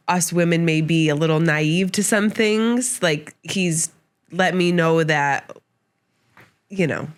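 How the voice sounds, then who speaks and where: A woman co-hosting a podcast, chatting casually and explaining her views at thoughtful length. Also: low-pitched. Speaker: podcast co-host. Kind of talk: casual chat.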